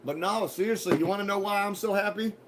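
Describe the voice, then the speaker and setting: A male streamer talks casually to his chat, rambling and swearing, swinging between easy talk and mock threats. His voice sits a little high for a man. A faint hiss runs under the recording. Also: fast talker. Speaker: livestream host.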